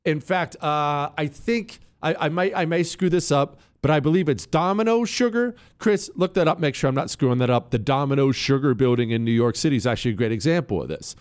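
A man's voice: a little high, animated, a little fast, few pauses, clean tone. A man hosting a political talk radio show, speaking in a conversational, emphatic monologue to listeners and his producers.

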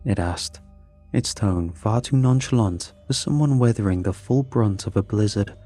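Guy reading a scary story, lowish mellow voice, slow suspense, faint music under. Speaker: narrator. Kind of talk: scripted horror story narration.

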